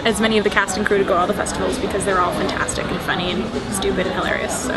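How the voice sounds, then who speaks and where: A woman's voice: mid-range voice, flat delivery, very fast. A young adult woman, an actress and screenwriter, answering interview questions in an enthusiastic, chatty way, laughing often and restarting her sentences.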